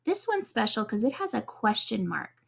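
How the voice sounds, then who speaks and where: A woman teaching kindergarten in a video lesson, encouraging and clear, spelling out letters one at a time for young children. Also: a little high, very animated, normal speed.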